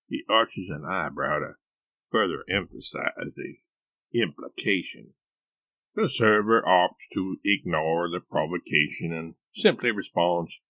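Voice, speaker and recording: Low-voiced wry male storyteller. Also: expressive, measured pace, pushed and bright, no echo. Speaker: author reading his book. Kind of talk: scripted narration of a comic story.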